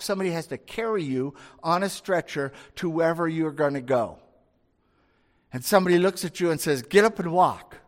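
A man preaching a sermon in a relaxed, conversational way, often tossing out rhetorical questions. His voice sits fairly high. A long reverb trails each phrase.

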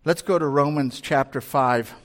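Man preaching a sermon in a high voice. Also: moderate pace. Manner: conversational preaching, acting out quoted voices, rising to near-shouts. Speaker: pastor.

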